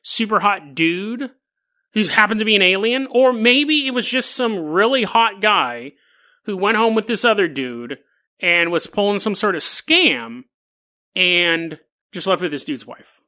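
Dude telling a weird story on his podcast, jokey, laughs a lot, lively bright voice. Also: high-pitched, unhurried. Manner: joking, laughs often, wry asides. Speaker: podcast host.

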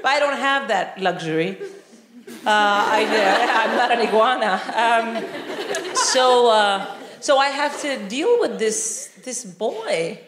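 A woman in her forties, from India, doing animated stand-up comedy on a concert hall stage, acting out voices and bursting into shouts. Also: fairly high pitch, slow. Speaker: comedian and co-host. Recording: roomy live hall with crowd and noise.

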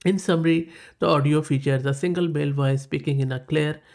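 A man with a South Asian English accent walks through a tech tutorial in a casual, enthusiastic way, often repeating his praise. His voice sits a little on the high side. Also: steady tone, a little fast, creaky, darkish tone. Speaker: tech channel host. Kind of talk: casual screen-recorded tutorial.

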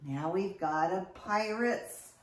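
A kindergarten teacher giving an online phonics lesson, sounding out letters slowly with bright, exaggerated emphasis. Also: female voice, fairly low pitch, distant mic. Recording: echoey room, a bit off-mic.

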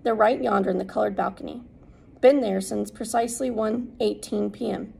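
A woman's voice: mid-range voice, steady tone, normal speed, vocal fry, darkish tone, husky, low-quality recording. A woman voicing a blunt, matter-of-fact man speaking up in court.

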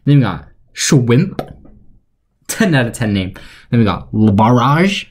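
Deadpan sarcastic young man. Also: mid-range voice, takes it slowly, a little hiss or hum. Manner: deadpan, sarcastic, rambling with fillers. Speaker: YouTuber. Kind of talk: mock-serious joke video commentary.

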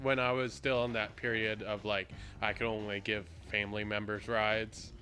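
A man's voice: lowish voice, little pitch movement, moderate pace, hardly any pauses, bright, forceful tone. A young adult man chatting casually over a video game, rambling and laughing often. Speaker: gaming co-host. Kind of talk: casual chat over gameplay.

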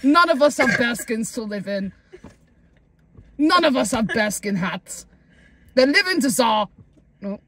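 A woman's voice: a little high, lively intonation, a little slow, long pauses, a bit bright. A woman voicing a starving Russian peasant woman in a put-on Russian accent, gloomy and melodramatic. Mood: dramatic. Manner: melodramatic, doom-laden.

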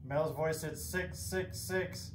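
A man doing a voice-over that reads out spirit box words in a flat, matter-of-fact, terse way. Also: fairly high pitch, slow, roomy sound, background noise. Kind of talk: flat announcing of captions.

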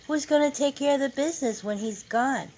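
A woman's voice: sits high, brisk, a little mellow, pitched above the performer's own voice, low-quality recording. A woman reading aloud, voicing an admiring female dinner guest who is the host's sister-in-law.

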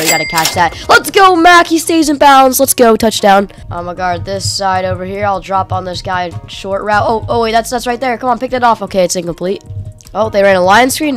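A woman giving slangy, excitable play-by-play while she plays a football video game, dropping to low mutters and jumping to sudden yelps. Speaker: gaming YouTuber. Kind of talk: live gameplay commentary.

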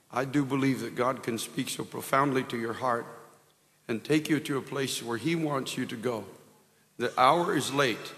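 A middle-aged American pastor preaching earnestly at an evangelistic rally, with prayerful exclamations and frequent restarts. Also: male voice, medium pitch, a bit bright. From United States. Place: large hall. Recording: reverberant hall recording.

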